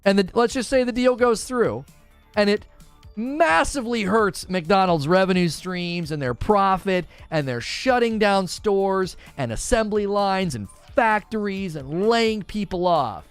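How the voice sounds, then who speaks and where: A man's voice: high-pitched, lively intonation, unhurried, clean tone, no room sound, faint music behind. A man hosting a talk show, giving argumentative and sarcastic commentary and laughing at his own points. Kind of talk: opinionated commentary.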